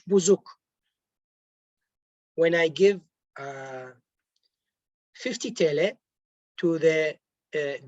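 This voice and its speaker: A male language teacher explains word by word at a very unhurried pace, moving back and forth between two languages. He hesitates often and corrects himself mid-phrase. The recording is dry and a little dull, as if made on a lo-fi mic. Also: high-pitched, dry recording. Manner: hesitant, with frequent pauses and self-corrections. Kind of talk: slow classroom explanation.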